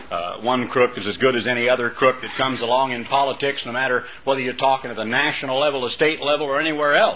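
A man delivering a rambling, opinionated monologue as a radio talk show host, with many pauses and fillers. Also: fairly low pitch, bright, forceful tone, slight background noise, rough recording.

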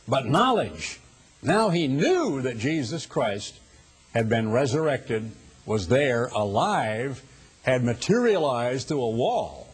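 An older man giving a sermon, speaking deliberately and slowing down to stress key words. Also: fairly high pitch, husky. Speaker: preacher.

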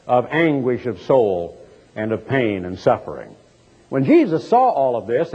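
A male preacher telling a scripture story in a sermon, dramatic, with big swings in pitch and pace. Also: breathy edge. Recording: dull lo-fi, long hall echo.

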